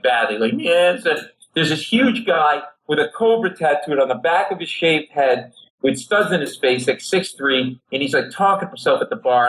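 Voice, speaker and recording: A middle-aged man from Rhode Island tells a comic story as a guest, his voice pitched a little high. He acts out each person in the tale, leaping up in pitch for the quoted lines. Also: rough recording. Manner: animated, acts out quoted people with big jumps in pitch. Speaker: guest comedy writer.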